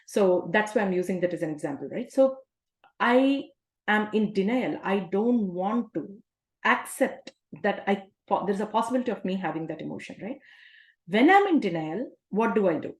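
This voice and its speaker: A woman's voice: medium pitch, lively intonation, normal speed. A woman coach giving a self-help talk in a conversational way, often asking rhetorical questions. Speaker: life coach. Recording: roomy echo.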